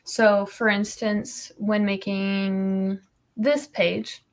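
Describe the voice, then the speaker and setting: A woman's voice: medium pitch, little pitch movement, drawn-out words. A woman comic artist talking casually on a livestream, explaining her process with many ums and you-knows.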